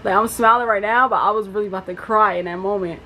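A young woman telling a story in a casual vlog, chatty and animated, with lots of fillers. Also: mid-range voice, fast, poor audio. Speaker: vlogger. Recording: faint background noise.

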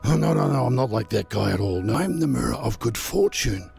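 A man putting on a sly, gravelly magic mirror. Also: medium pitch, animated, a little fast, darkish tone, soft background music. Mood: reassuring. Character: boastful male magic mirror, smooth-talking and sly.

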